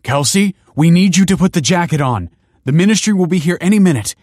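A man's voice: fairly low pitch, animated, normal speed, mellow, dry recording, clean studio sound. A man reading a story aloud and voicing a stern woman school principal who speaks in a formal, officious way. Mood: urgent, shouting.

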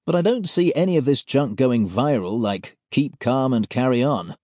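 A man reading a first-person story aloud in a wry, deadpan way, close to a studio mic. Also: medium pitch, moderate pace, dry recording. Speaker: audiobook narrator. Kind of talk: scripted first-person narration.

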